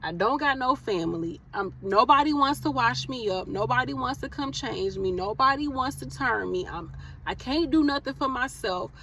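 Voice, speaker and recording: A woman's voice: high voice, lively intonation, moderate pace, sharp tone, a little hiss or hum. A young woman nurse from the American South ranting emotionally to her viewers, passionate and preachy, calling them y'all. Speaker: nurse vlogger. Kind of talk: emotional casual rant to camera.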